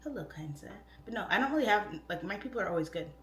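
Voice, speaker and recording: A woman's voice: medium pitch, lively intonation, rapid-fire, fairly bright tone, echoey room, a little hiss or hum. A woman in her thirties chatting casually on a livestream, reading comments aloud, goofy and easily distracted. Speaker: livestream host and real estate agent. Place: home.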